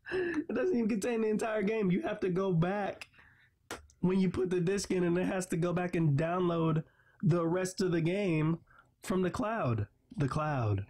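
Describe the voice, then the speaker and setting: A man's voice: on the high side, darkish tone, husky. A man hosting a gaming channel, giving a frustrated, profane, rambling game review. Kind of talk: casual ranting game review.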